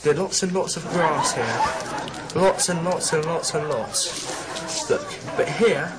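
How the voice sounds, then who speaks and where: A man's voice: fairly high pitch, lively intonation, slow, over a noisy crowd, low-quality recording. A young man joking around in an amateur comedy video, teasing and laughing as he lays out a mock plan.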